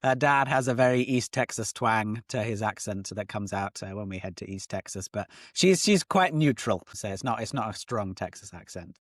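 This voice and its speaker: A man's voice: fairly low pitch, animated, normal speed, hardly any pauses, no echo, studio quality. A middle-aged man with a British accent, a guest on a podcast interview, explaining his business in an articulate, structured way. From United Kingdom. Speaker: guest entrepreneur.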